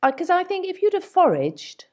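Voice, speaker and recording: Lively, self-mocking female podcast host. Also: very high voice, soft background music. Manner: lively, self-mocking, quick to laugh along. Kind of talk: casual chat.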